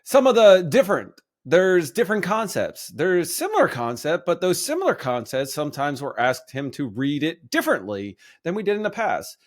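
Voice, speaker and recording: A man's voice: on the high side, huge pitch swings, normal speed, few pauses, pitched above the performer's own voice. A man doing an impression of a middle-aged male football coach who rambles earnestly in circles. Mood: earnest rambling.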